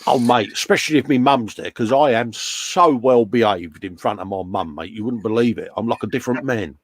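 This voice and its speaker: A man's voice: mid-range voice, brisk, breathy edge. A man hosting a casual live chat from his workshop, laughing often and reading out viewer comments. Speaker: host. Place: home workshop.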